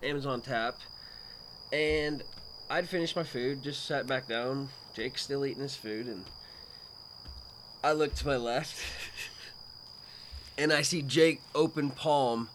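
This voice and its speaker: Laid-back man with a bright voice. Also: medium pitch, takes it slowly, long pauses, a little hiss or hum. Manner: laid-back, laughs while telling a story. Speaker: podcast guest. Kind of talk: casual storytelling. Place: outdoors at a table at night. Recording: faint outdoor night ambience with crickets.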